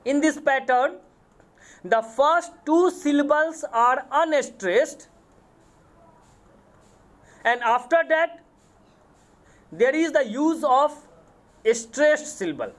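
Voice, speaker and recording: A man with an Indian accent, a college English lecturer giving a lecture, speaking deliberately, repeating terms and spelling words out letter by letter. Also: very high-pitched, expressive, a bit bright. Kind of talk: classroom lecture on poetic meter.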